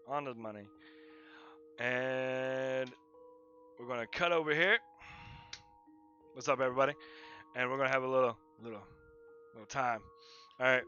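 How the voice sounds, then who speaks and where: A man's voice: medium pitch, sharp tone, muffled recording. A man chatting casually and rambling while drawing on a livestream, laughing often. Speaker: livestreaming digital artist.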